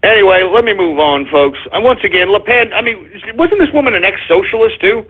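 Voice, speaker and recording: A man's voice: sits high, animated, a little fast, slightly rough. A male talk radio host ranting about politics in a profane, sarcastic, combative way. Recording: phone-like lo-fi radio audio.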